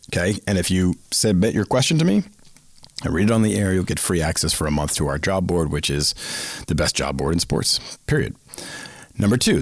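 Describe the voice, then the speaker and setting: A man's voice: sits low, dry recording. A middle-aged man from the Boston area hosting a casual solo podcast, chatty and prone to self-aware tangents. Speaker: podcast host.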